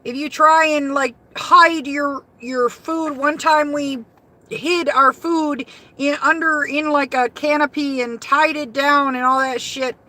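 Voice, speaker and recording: Bright-voiced chatty woman driver. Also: sits high, fairly even intonation, slow pace. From Michigan. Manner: chatty, salty, laughs easily. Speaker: rideshare driver livestreaming. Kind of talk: casual livestream chat. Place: inside a car.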